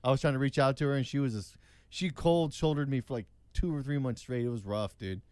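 Smooth-voiced man telling a relaxed story. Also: medium pitch, no room sound. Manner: relaxed, halting, restarts often. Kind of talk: casual storytelling chat.

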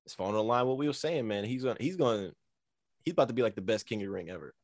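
A man co-hosting a podcast in casual, slangy chat, often trailing off softly. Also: medium pitch, lively intonation, very fast, no echo, clean studio sound. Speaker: podcast co-host.

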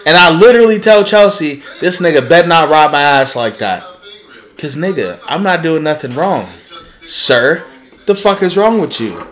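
A man's voice: fairly high pitch, lively intonation, normal speed, fairly bright tone. A young man co-hosting a casual podcast, telling stories with profane, joking trash talk. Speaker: podcast co-host. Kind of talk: casual chat.

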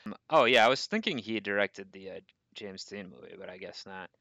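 A man co-hosting a casual movie podcast, with a bright, forceful voice recorded close and dry. He sounds animated and argues back with energy, and his pitch sits a little low. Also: brisk, no room sound, dull audio. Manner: animated, pushes back in debate. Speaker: podcast co-host.

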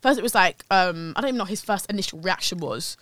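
A young woman co-hosting a podcast, telling stories in a lively way and acting out what people said. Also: medium pitch, quick pace, dry recording. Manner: animated storytelling, acting out quotes. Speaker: podcast co-host. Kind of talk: casual chat.

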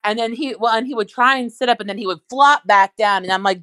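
A woman's voice: a little high, fast talker, pushed and bright, no echo. A woman talking in casual chat, rambling with lots of asides.

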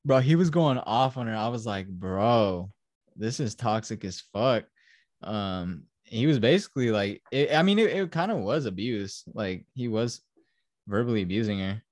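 A man's voice: mid-range voice, expressive, moderate pace, a little mellow, no echo, studio quality. A man hosting a podcast who casually recaps a film in a rambling, profane way full of fillers. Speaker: podcast host.

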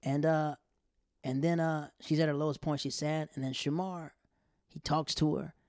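A man with a fairly high voice spins a rambling personal story, acting out each line people said. He is recorded dry and close, with no room sound. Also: normal speed, no echo. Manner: rambling, animated, acts out quotes. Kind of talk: casual storytelling.

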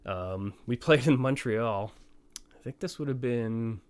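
A man's voice: mid-range voice, measured pace, clean tone. A middle-aged man, a touring band musician, telling road anecdotes in casual chat and acting out the people in them. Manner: animated anecdote teller, acts out quoted voices.

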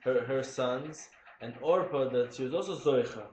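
A man taking part in a casual Torah study discussion, speaking haltingly and searching for words. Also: medium pitch, darkish tone. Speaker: study partner. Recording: echoey room with faint noise.

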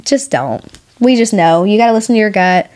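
A woman's voice: medium pitch, expressive, brisk, darkish tone. A woman in her twenties co-hosting a podcast, talking frankly and crudely about a personal story. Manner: frank, crude, candid confessional talk. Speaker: podcast co-host. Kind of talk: casual storytelling chat.

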